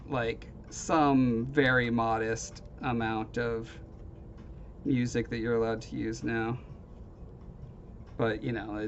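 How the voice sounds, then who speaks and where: Rambling man on a lo-fi live stream. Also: medium pitch. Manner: rambling, hesitant, self-deprecating. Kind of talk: casual chat with viewers. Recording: dull lo-fi stream audio with faint noise.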